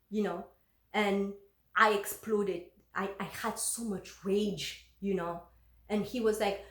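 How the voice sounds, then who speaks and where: Woman retelling a story in an echoey room. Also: mid-range voice. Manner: emotional, animated retelling with many fillers and restarts. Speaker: vlogger telling a personal story. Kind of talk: casual personal storytelling.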